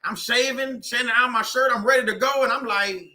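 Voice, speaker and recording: A man's voice: very high voice, brisk, pushed and bright. A man hosting a faith-based livestream, talking in a preachy, conversational way and repeating phrases for emphasis. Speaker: host of a faith-based livestream on narcissistic abuse. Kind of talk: live-stream motivational talk.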